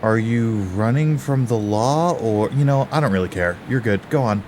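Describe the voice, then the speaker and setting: A man's voice: mid-range voice, normal speed, darkish tone, a little hiss or hum, natural voice. A man doing a chatty, laid-back town guard. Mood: easygoing.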